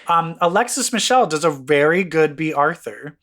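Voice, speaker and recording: A man co-hosting a podcast, recounting gossip in an animated casual chat, acting out quotes and swearing freely. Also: on the high side, moderate pace. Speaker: podcast co-host.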